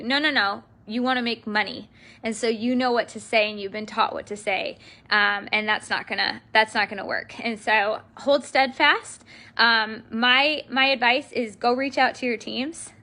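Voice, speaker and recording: An earnest woman speaks to her sales team on a live video, emotional and full of fillers. Her voice sits a little high and sounds sharp and bright, with a gravelly fry running through it.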